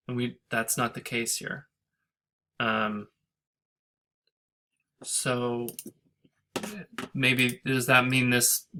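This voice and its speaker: Guy teaching a lecture, slow and bright, lots of ums and restarts, typing in the background. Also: mid-range voice. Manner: thinking aloud with fillers and self-corrections. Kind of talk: screen-recorded lecture.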